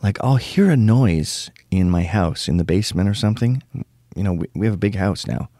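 A man's voice: fairly low pitch, lively intonation, brisk, dark tone, no room sound, clean studio sound. A middle-aged man hosting his own show, telling crude stories in a ranting casual monologue. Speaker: show host.

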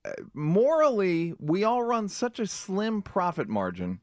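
Here a male comedian on a casual radio talk show is an animated storyteller who fills his tales with fillers and acts out each quote. His voice is high and a little slow. It's studio quality with no echo.

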